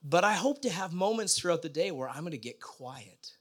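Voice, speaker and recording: A man's voice: fairly high pitch, animated, brisk. A middle-aged man preaching a sermon in a conversational way, often putting questions to the congregation. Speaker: pastor.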